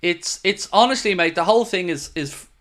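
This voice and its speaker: A man's voice: sits high, normal speed, a bit bright. A man hosting a live fan stream, reading viewer messages and answering them in a frustrated, emphatic way, swearing now and then. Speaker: fan channel host.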